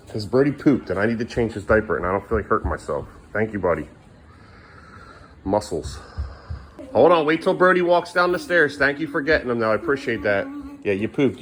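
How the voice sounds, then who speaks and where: A man filming a casual home vlog, coaxing his small son along and chatting to the camera at home at night. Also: on the low side. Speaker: father filming his family.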